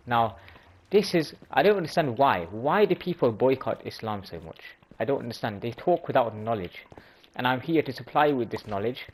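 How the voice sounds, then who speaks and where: A man's voice: medium pitch, a little hiss or hum, poor audio. A man hosting a religious video, explaining sayings in an informal way, often restarting and correcting himself. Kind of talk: casual explanatory talk.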